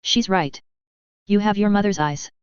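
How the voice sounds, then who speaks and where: A frail old man who speaks with a quaver, as the narrator reads him in an audiobook. The voice is very clear, the sound dry and a bit dull. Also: mid-range voice, moderate pace, dry recording, close to an everyday voice. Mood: grateful.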